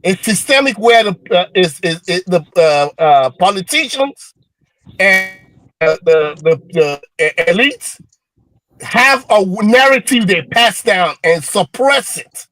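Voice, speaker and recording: Shouting high-voiced man in a heated debate. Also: animated, takes it slowly, no room sound, poor audio. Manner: stumbling fillers, then angry shouting; swears and dares bets. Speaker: panel guest.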